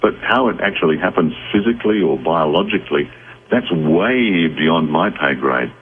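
A man who is a psychic guest on a radio call-in show, explaining in a measured, reflective way with restarts. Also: low voice, lively intonation, husky. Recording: tinny phone line with faint noise.

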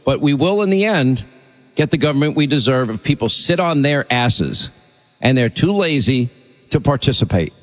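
A man's voice: medium pitch, expressive, normal speed, big-room sound, faint music behind. A male radio talk show host speaking to a caller in an urgent, emphatic, preachy way.

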